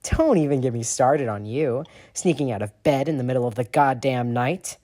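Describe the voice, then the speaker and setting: A man's voice: mid-range voice, normal speed, warm tone, natural voice. A man voicing an angry teenage boy wizard who swears in heated outbursts.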